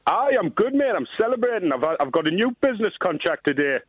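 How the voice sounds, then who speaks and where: A man's voice: high voice, sing-song, fast talker, slightly rough, dry recording, highs cut off. A man phoning in to a radio show, chatty and calling the host mate. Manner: chatty, says mate and aye a lot. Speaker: caller. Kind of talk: phone-in chat.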